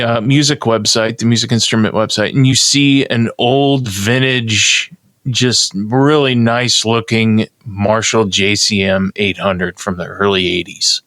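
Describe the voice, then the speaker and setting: A man's voice: mid-range voice, a bit bright, no echo, studio quality. A man co-hosting a podcast, announcing a game segment with a showman's flair and then casually laying out the rules. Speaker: podcast co-host.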